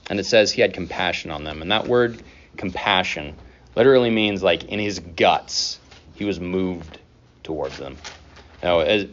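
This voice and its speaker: A man preaches a sermon, talking to the congregation like he is chatting with friends, with casual asides and quick laughs. His voice sits on the low side. The recording is a bit dull and lo-fi. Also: fairly bright tone. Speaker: pastor.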